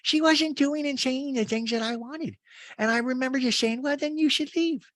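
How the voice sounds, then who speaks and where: Man voicing a shrill self-justifying woman, pitched way up in a dry booth, comic impression. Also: normal speed, dry recording. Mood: indignant. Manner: high, insistent, self-justifying. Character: defensive, theatrical middle-aged woman.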